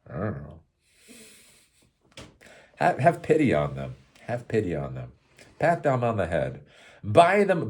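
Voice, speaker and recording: A man's voice: low voice, darkish tone. A man hosting his own show, talking in a casual, rambling monologue and laughing often. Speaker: show host.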